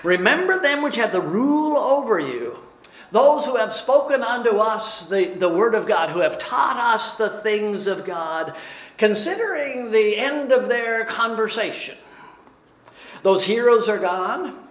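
A man preaching a sermon as pastor, animated and quick to laugh at his own stumbles. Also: sits high, reverberant.

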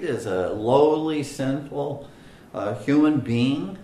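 Slow, deliberate man teaching Scripture. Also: mid-range voice, animated, warm tone, reverberant, low-quality recording. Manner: slow and deliberate, many "uh" fillers, stresses single words. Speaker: Bible teacher. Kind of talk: Bible study teaching.

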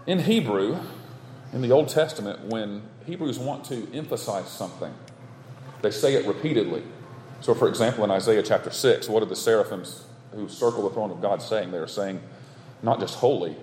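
A man's voice: fairly low pitch, fairly quick, darkish tone, slight background noise. Emphatic male preacher in an echoey hall. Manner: emphatic, repetitive preaching cadence. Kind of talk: sermon. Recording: echoey hall with long reverb.

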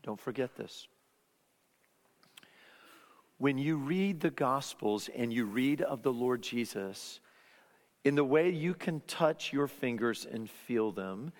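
A man preaching a sermon, earnest and emphatic, sometimes dropping to hushed tones. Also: medium pitch. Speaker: pastor. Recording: long hall reverb.

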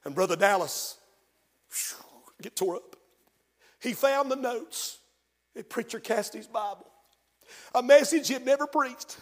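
A man preaching a sermon as pastor, moving from hushed storytelling to shouted, fervent praise. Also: very high voice, lively intonation, moderate pace, long pauses. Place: church sanctuary. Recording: long hall reverb of a church.

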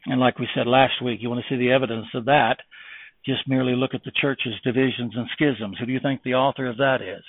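A male pastor talks fast with fairly even intonation, preaching an impassioned sermon full of rhetorical questions and old scriptural phrasing. He swings between loud exhortation and low, earnest tones. The recording is dry and tinny, like a phone, with no echo.

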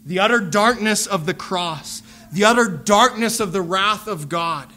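A man preaching a sermon, earnest and measured, pleading with his listeners through repeated phrases. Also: high voice, bright, forceful tone.

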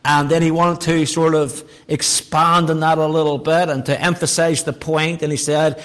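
High-voiced preacher man in a hall. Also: normal speed. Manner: folksy, humorous, swings from quiet asides to raised emphatic calls. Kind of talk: sermon. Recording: long reverb of a large hall.

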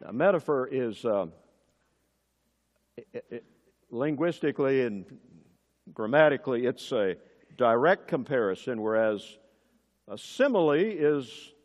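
A man preaching a sermon as pastor, building to emphatic, forceful peaks and dropping back to quiet asides. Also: expressive, a little slow, pauses often. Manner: emphatic preaching with sudden rises in pitch and force. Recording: long hall reverb.

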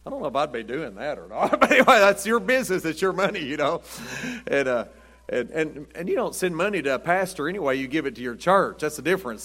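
Recorded in a church sanctuary with long reverb, a pastor gives a folksy Wednesday night sermon and chuckles as he tells down-home stories. His voice is fairly high and fairly bright.

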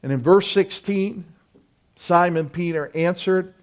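High-voiced man preaching emphatically. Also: measured pace. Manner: emphatic preaching with call-and-response. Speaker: pastor. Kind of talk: sermon.

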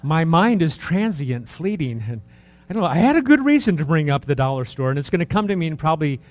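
Lively sixty-something male preacher. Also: fairly high pitch, fast talker. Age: 60s. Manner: conversational, rambling, with rhetorical questions; lively, swings between soft asides and raised emphasis. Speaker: pastor. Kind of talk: sermon.

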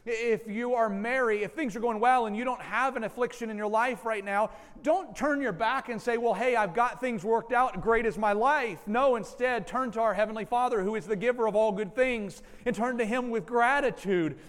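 A man's voice: very high-pitched, moderate pace, hardly any pauses. A man preaching a sermon as pastor, speaking earnestly and directly to his congregation. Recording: long hall reverb.

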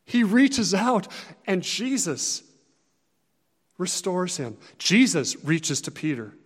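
Man, pastor, earnest sermon, conversational, high voice, long hall reverb. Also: very animated, slow, slightly rough. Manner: earnest, conversational, shifting loudness for emphasis.

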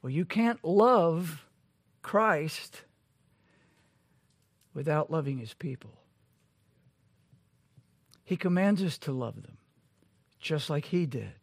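Brief: high-pitched male preacher, slow and deliberate, pressing rhetorical questions, dry close sound. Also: expressive, slightly rough, no room sound. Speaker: pastor. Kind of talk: sermon.

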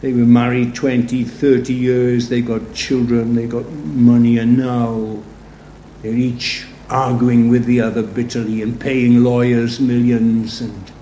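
A man's voice: medium pitch, level tone, measured pace, warm tone. A man preaching a sermon in a conversational, storytelling way, full of rhetorical asides. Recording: roomy echo, faint background noise.

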